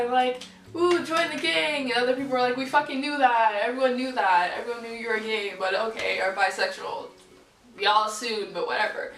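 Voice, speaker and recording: A young woman telling a personal story to camera in a candid, lively, swearing casual style. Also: medium pitch. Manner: candid, lively, swears freely, acts out quoted people. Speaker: vlogger. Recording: roomy echo, voice from far off mic, faint music.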